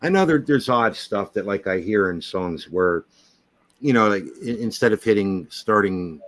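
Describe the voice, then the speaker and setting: A man's voice: lowish voice, animated, a little slow. A man in casual conversation who asks curious beginner questions and often restarts his sentences. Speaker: host. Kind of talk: casual chat.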